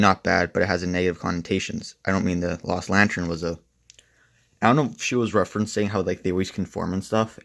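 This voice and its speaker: A young man with a low, gravelly voice reviews a comic book in loose, profane chatter, rambling along and leaning hard on fillers like "like" and "and stuff." The audio is studio quality, with no room sound.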